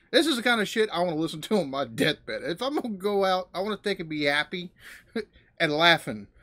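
A man's voice: sits high, animated, normal speed, long pauses, bright, forceful tone. An American man hosting a reaction video, laughing hard and swearing as he reacts. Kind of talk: casual reaction commentary.

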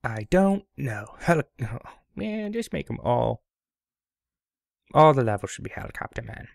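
A young man with a gravelly, medium-pitched, very animated voice gives goofy, rambling commentary on a game at a moderate pace, now and then singing bits of a song. The let's play recording is dry and studio quality.

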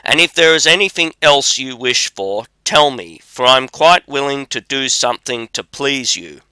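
A man reading the lines of a huge, gruff giant in a storybook audiobook, with a blustering, threatening delivery. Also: medium pitch, animated, moderate pace, sharp tone, dry recording. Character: huge, gruff male giant, angry then wary.

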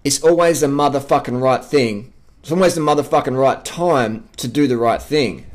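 A man's voice: mid-range voice, moderate pace. An Australian man vlogging an unscripted rant, emphatic and profane, hammering his points by repeating phrases. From South Australia.

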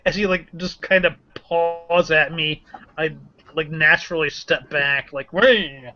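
A male player rambles through his turn in a tabletop game, hedging as he goes. His voice is high and bright. The recording is dull and lo-fi. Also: steady tone, unhurried, soft background music. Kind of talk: casual tabletop play.

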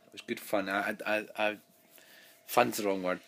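A man's voice: lowish voice, steady tone, normal speed, vocal fry, a bit bright. A man giving a casual, rambling vlog review of a TV episode, recorded on his phone, full of fillers and restarts.

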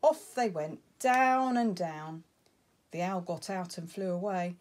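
A woman reading a children's picture book aloud, expressive and lilting. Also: lowish voice, slow. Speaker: storybook reader.

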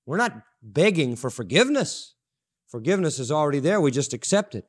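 A man with a notably high voice delivers a sermon from the pulpit. He preaches emphatically, driving points home by repeating short phrases. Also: big pitch swings, a little fast, husky. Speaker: pastor. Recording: audio-only sermon recording.

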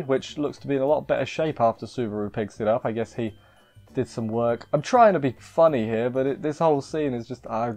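A man's voice: mid-range voice, darkish tone. A man recapping an anime episode in a casual, rambling way, often restarting sentences and slipping in jokey asides. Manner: rambling, self-interrupting, joking asides. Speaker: anime reviewer.

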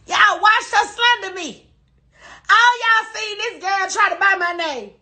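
A woman's voice: very high voice, unhurried, bright, forceful tone. A woman on a livestream, talking emphatically and with plenty of profanity, repeating her denials over and over. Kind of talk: emotional livestream rant.

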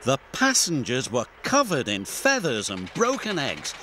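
A British man narrating a children's storybook with warm, expressive telling. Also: mid-range voice, unhurried, slight background noise. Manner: warm, expressive storytelling with many character voices. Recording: studio voice-over with music underneath.

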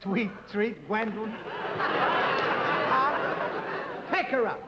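An exasperated dance teacher. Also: male voice, very high-pitched, very animated, drawn-out words, over a noisy crowd, very noisy, heavily acted. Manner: bossy, exasperated, often laughing. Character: bossy, impatient man teaching dancing. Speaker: comedy straight man. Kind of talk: 1950s live TV sketch comedy. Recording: dull lo-fi 1950 TV audio with loud audience laughter.

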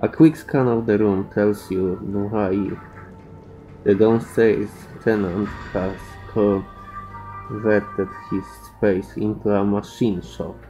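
Non-native male gamer reading game text aloud, slow and unsure, dark tone. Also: lowish voice, fairly even intonation, soft background music, low-quality recording. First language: not English. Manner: slow, hesitant with fillers and restarts. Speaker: game player reading dialogue.

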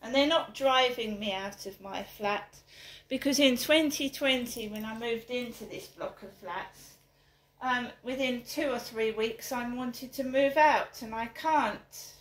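Middle-aged woman, fairly high voice, indignant, emphatic, repeats herself, echoey room. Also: measured pace. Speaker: vlogger. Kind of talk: angry personal vlog rant. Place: home flat.

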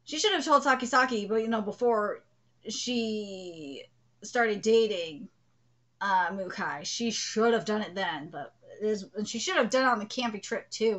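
A woman streaming a live manga reaction, excitable and profane, shrieking at twists and talking to her cat. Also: medium pitch, moderate pace.

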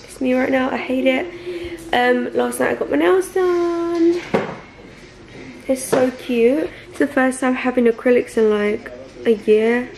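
Bubbly young woman, high and slow. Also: vocal fry, a little mellow, a little hiss or hum. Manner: bubbly and gushing. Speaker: vlogger. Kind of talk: casual birthday vlog. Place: at home.

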